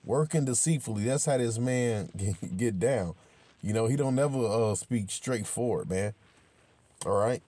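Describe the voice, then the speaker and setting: A man giving informal, emphatic scripture commentary, talking with many repetitions and restarts, swearing freely and slowing down to read verses aloud. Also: medium pitch, warm tone. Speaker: religious commentator.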